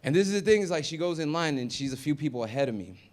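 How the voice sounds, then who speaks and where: A man performing a stand-up comedy set, chatty and conversational, dropping to mumbled asides and jumping up loud for punchlines. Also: a little high, animated, fast talker. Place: comedy venue with live audience.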